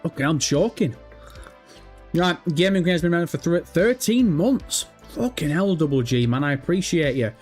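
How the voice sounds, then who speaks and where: A man's voice: fairly high pitch, brisk, faint music behind. Nervous, sweary young male streamer. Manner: excitable, profane, chatty. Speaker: livestream host. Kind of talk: casual live-stream chat.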